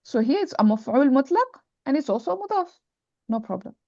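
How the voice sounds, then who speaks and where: A woman's voice: sits high, sing-song, brisk, darkish tone, dry recording. A woman teaching Arabic grammar in an online class, patient and full of examples, with a dull, dry video call sound. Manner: patient, explains with examples, many restarts.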